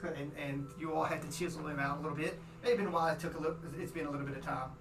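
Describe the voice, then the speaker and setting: A man's voice: fairly high pitch, steady tone, very fast. A man narrating a tabletop game as game master, in a rambling way full of restarts. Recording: roomy, from far off. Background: music.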